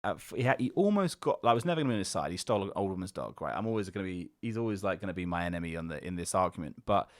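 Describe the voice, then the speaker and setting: A man with a low voice talks fast and loosely on a podcast, piling up fillers, restarts and the odd curse as he retells a story. The sound is dry and close, with no room around it. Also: dry recording. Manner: rambling, animated retelling with frequent fillers and swearing. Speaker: podcast co-host. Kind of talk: casual chat.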